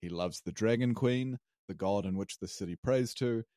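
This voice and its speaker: A man's voice: lowish voice, moderate pace, mellow, no echo, studio quality. A man co-hosting a podcast, chatting casually and rambling with fillers. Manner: rambling, hesitant, with many fillers and laughs. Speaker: podcast co-host and player. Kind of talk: casual chat recapping a tabletop game.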